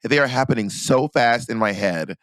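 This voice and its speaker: A man guesting on a podcast, an animated storyteller who restarts his words often. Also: medium pitch, normal speed, dry recording, clean studio sound. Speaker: guest entertainer. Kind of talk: casual podcast chat.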